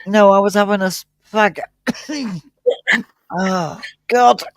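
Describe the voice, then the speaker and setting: A woman's voice: mid-range voice, takes it slowly, no room sound. Teasing woman co-host, dry close sound. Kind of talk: casual chat.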